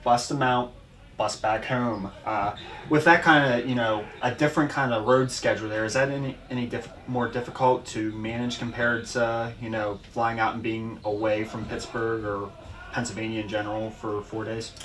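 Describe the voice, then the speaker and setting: A man's voice: on the low side, level tone, moderate pace, a bit bright. Man casually interviewing a coach. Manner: brief affirming backchannels, easy laughs. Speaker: podcast co-host, interviewer. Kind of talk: casual podcast chat. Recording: distant mic with faint background noise.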